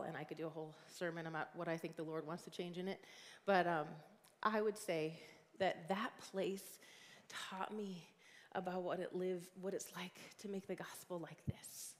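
A woman in her forties preaching a sermon as a guest speaker. She is conversational and earnest, with plenty of fillers. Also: fairly low pitch. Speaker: guest preacher and youth ministry leader. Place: church sanctuary. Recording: long hall reverb.

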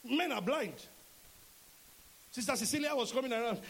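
A middle-aged Nigerian man preaching a sermon as a pastor, animated and acting out dialogue in shifting voices. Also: extremely high pitch, normal speed, long pauses, breathy edge, poor audio.

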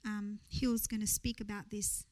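A woman's voice: medium pitch, level tone, unhurried, darkish tone, poor audio. A woman preaching a sermon in church, earnest, building to rising rhetorical questions.

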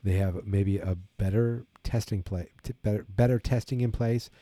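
A man's voice: fairly low pitch, fairly even intonation, moderate pace, mellow, no echo. A tired man hosting his own wrestling talk show, rambling casually with many fillers and restarts. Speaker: wrestling podcast host. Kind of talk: casual solo commentary.

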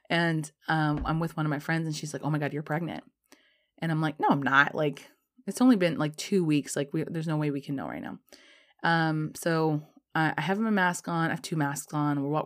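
Low-voiced woman telling a lively story. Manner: animated, swearing, laughing storyteller. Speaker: vlogger. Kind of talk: casual storytime.

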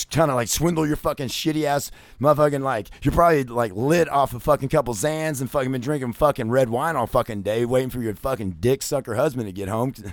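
A man in the middle pitch range rants through a crude, rambling story, packed with curses and filler words. His voice swings from loud, heated bursts down to low mutters. The sound is dry and close, with no room echo. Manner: crude, swears constantly, many fillers like "you know". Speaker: vlogger.

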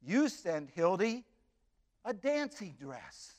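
A man's voice: high-pitched, very animated, slow, full character voice. A man doing tender old Hildy. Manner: soft, tender, heartfelt. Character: elderly woman Hildy, warm, tender, touched.

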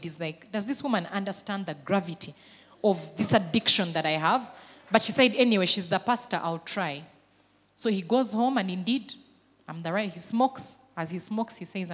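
A woman pastor preaches a sermon in a large hall, her voice on the low side. She builds to emphatic swells of intensity, then drops back into quieter, conversational stretches.

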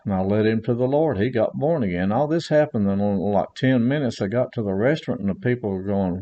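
A man's voice: on the low side, a little fast, few pauses, dark tone, highs cut off. A man preaching a sermon, earnest and repetitive, mixing scripture with personal stories.

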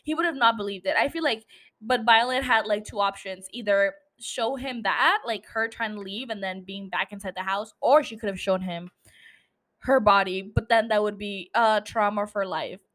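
A woman's voice: mid-range voice, moderate pace, fairly bright tone. A young woman hosting a casual solo podcast, rambling, swearing freely and laughing at herself. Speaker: podcast host.

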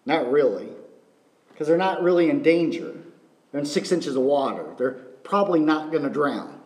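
A man's voice: on the high side, lively intonation, normal speed, darkish tone, echoey room. A man preaching a sermon in an earnest teaching tone, asking rhetorical questions as he explains scripture.

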